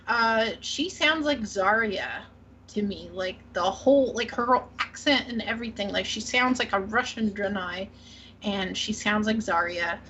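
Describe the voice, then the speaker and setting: A woman from Canada co-hosting a casual gaming podcast, her voice sitting a little high. She rambles, hesitates and trails off mid-thought. The sound is slightly muffled, with a faint hiss behind it. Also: a bit bright. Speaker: podcast co-host.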